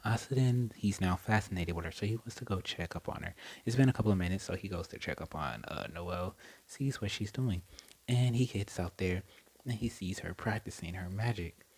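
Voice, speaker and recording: A man's voice: deep voice, expressive, fairly quick, darkish tone, slightly rough, poor audio. A young man casually retelling a story, rambling with lots of fillers and self-corrections. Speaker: storyteller retelling a fan scenario.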